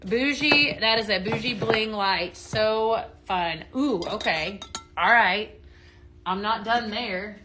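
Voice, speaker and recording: A woman's voice: medium pitch, slow, over music. A woman hosting a live home-decor sales show, chatting in a bubbly way and talking straight to her viewers as she demonstrates products. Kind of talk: live product demo chat.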